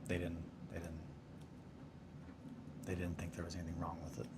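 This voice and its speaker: Low-voiced man rambling while crafting. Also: completely flat delivery, normal speed. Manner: rambling, self-deprecating storytelling with laughs. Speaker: hobby livestream host. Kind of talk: casual chat while crafting miniatures. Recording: noticeable background noise.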